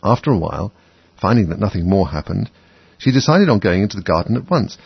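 A man reads a children's story aloud in a low, gravelly, husky voice. His narration is expressive and moves widely in pitch. The recording sounds dull and dry. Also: fast talker, dry recording. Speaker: audiobook narrator.

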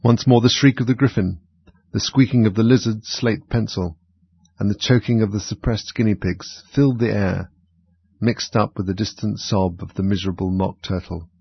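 A man calmly narrating a storybook in a measured way. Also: on the low side, vocal fry, breathy edge, no room sound. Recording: dull, dry lo-fi recording.

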